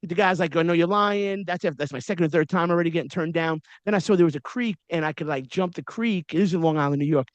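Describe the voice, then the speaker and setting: High-voiced man, slangy podcast host. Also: fast, hardly any pauses, dry recording. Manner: storytelling with frequent slang and asides. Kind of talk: casual interview chat.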